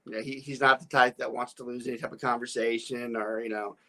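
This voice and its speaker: Fast-talking and forceful, this man has a medium-pitched, bright voice with a flat delivery. He's a real estate broker hosting a podcast who rambles through a story, stammering, restarting, and laughing often.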